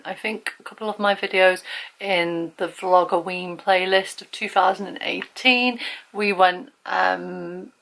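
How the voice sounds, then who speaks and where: Woman, young, from England, casual vlog chat, lots of ums, low voice, vocal fry. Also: fairly bright tone, rough recording. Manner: rambling, many fillers and restarts. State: recovering from illness, feeling weak. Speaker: vlogger.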